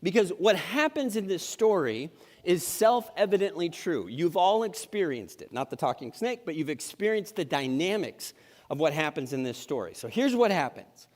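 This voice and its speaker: A man's voice: fairly high pitch, sing-song, normal speed, darkish tone. A middle-aged male pastor preaching a sermon in a church sanctuary, in a conversational and humorous way with frequent restarts. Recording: long reverb in a church hall.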